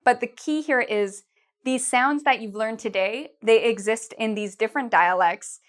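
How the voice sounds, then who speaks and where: A woman teaching an English pronunciation lesson to camera, patiently modelling vowel sounds and words for learners to repeat. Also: on the high side. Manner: patient, slow, models sounds with exaggerated mouth shapes.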